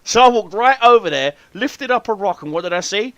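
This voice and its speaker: Man on a podcast bragging about wild stuff, swears a ton, bright voice, swings all over in pitch. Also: a little fast, no room sound, dull audio. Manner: boastful storytelling, heavy swearing, lively. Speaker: podcast host. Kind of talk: casual chat.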